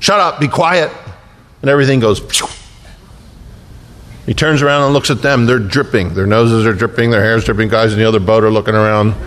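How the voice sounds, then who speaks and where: A man's voice: on the low side, fairly even intonation, fast talker, hardly any pauses, slight background noise. A man preaching a sermon as pastor, telling the story with humor and acting out the voices of the people in it.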